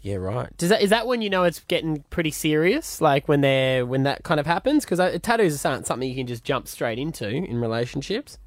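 A man's voice: fairly high pitch, very animated, fairly quick, few pauses, dry recording. An Australian man hosting breakfast radio, chatting and joking with frequent fillers. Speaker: radio host.

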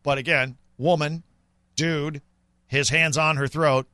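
A man co-hosting sports talk radio, emphatic and quick in banter. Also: a little high, fairly even intonation, bright, forceful tone, clean tone, no room sound, studio quality.

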